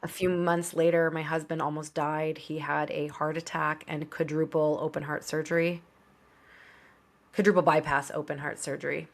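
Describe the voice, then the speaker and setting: A woman in her thirties, a podcast guest, telling her personal story in an open, conversational way with quick asides. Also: deep voice, level tone, creaky.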